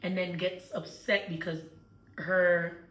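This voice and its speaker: This book club host's voice is on the low side and a bit bright, with little pitch movement, and she takes her time. Recapping a book in a casual chat, she storytells chattily with plenty of fillers, recorded far from the mic in an echoey room.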